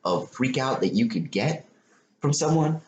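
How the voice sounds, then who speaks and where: At a measured pace and medium pitch, this podcast host retells a story with lots of energy, profanity, and repetition in a casual chat. The audio has its highs cut off and sounds like an echoey room with faint noise.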